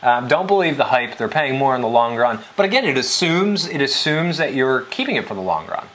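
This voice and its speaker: A man's voice: medium pitch, big pitch swings, a little fast, a bit bright, slight background noise. A man co-hosting a live tech news show in a studio, reading out prices with playful emphasis in casual chat. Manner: reads figures with playful emphasis.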